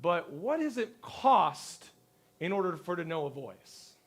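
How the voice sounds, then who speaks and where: A male pastor giving a conversational sermon to his congregation, telling lively stories and acting out the people he quotes. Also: sits high, measured pace. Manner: lively storyteller who acts out quotes. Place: church service before a congregation.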